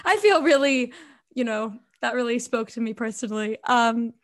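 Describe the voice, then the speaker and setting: A bubbly woman hosting a podcast with a slightly high voice. She keeps the conversation casual and upbeat, showing a type A energy as she talks with her guest. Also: moderate pace. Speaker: podcast host. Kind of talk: casual interview.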